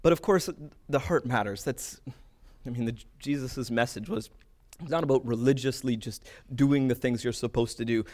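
A man preaching in a relaxed, conversational way. His voice sits at a middle pitch, and he jumps into quick asides, restarts his sentences, and keeps the tone informal and animated. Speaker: pastor. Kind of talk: conversational sermon.

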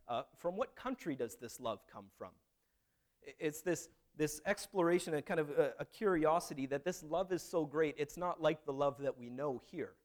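A man's voice: mid-range voice, darkish tone. A man preaching a sermon in a conversational, storytelling way, with frequent restarts. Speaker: pastor.

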